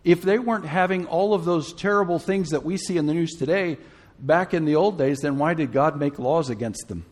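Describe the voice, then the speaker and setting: A man delivers a sermon with a notably high voice. He talks to the congregation casually, asking questions and tossing in humorous asides. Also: brisk, a little mellow. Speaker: preacher.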